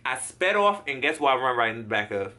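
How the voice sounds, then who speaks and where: A man's voice: mid-range voice, very animated, fast, bright, forceful tone. A man in his twenties vlogging a storytime, acting out his own reactions and swearing freely. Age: 20s. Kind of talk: storytime vlog.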